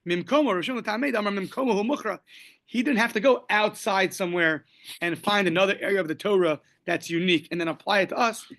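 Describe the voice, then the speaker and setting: Fast-talking and high-voiced, with a fairly bright tone, a man runs a daily Talmud class. He breaks the text down step by step, drops in Aramaic and Hebrew quotations, and jokes lightly in a casual manner.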